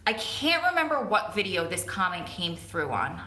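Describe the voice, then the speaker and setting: A woman's voice: on the low side, very animated, normal speed, sharp tone. Chatty woman with a strong Jersey–Long Island accent. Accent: New Jersey and Long Island. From Long Island, New York. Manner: chatty, rambling, repeats words for emphasis. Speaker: vlogger on a live stream. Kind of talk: casual live-stream chat. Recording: echoey room.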